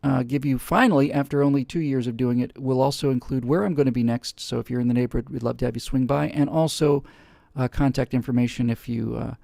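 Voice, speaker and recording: A man with a dark, gravelly voice hosts a live webcast in a casual, rambling way. He restarts and fills pauses often. The sound is dry and close. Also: mid-range voice, steady tone, no echo. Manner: rambling, many fillers and restarts. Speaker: host.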